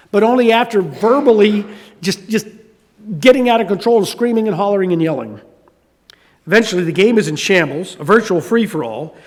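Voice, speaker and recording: A man's voice: sits high, big-room sound. An older man preaching a sermon, telling a story with conversational asides. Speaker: pastor.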